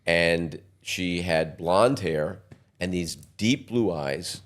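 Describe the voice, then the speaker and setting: A man's voice: low-pitched, very slow. A man in his sixties, a podcast guest telling long rambling anecdotes in a casual interview. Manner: rambling anecdotes with quoted voices.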